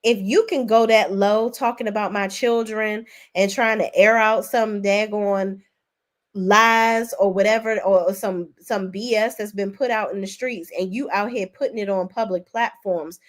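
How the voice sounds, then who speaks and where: A woman hosting a casual reality TV recap, sassy and expressive, laughing often, with big swings in pitch. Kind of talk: casual commentary with live chat.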